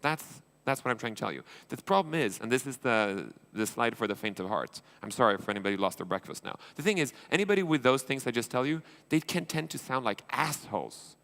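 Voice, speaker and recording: A man's voice: medium pitch, animated, brisk, creaky, hardly any pauses, a bit bright. A man from Sweden, giving a blunt, informal conference talk as an entrepreneur and investor, acting out dialogues and swearing. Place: conference stage.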